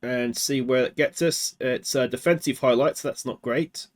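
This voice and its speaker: A man's voice: mid-range voice, moderate pace. An Australian man hosting a let's play, chatting through a football management game and asking himself rhetorical questions. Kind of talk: game commentary.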